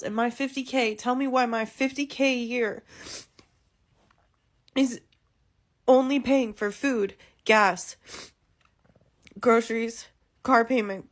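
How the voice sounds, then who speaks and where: Tearful exasperated woman in her thirties. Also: on the high side. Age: 30s. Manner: exasperated, swearing, rising to near shouts. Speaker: working mother. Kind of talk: emotional rant to camera.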